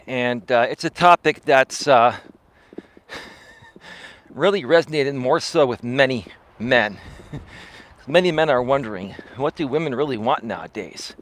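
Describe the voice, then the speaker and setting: A man's voice: medium pitch, measured pace, long pauses, a bit bright. A man hosting a live-streamed coaching talk while walking a windy outdoor trail, speaking into a foam-windscreened mic near his face. He sounds conversational and preachy, tagging points with rhetorical questions. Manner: conversational and preachy, with frequent rhetorical "right?" tags. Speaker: personal development coach and live-stream host. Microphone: clip-on mic with a foam windscreen near the face.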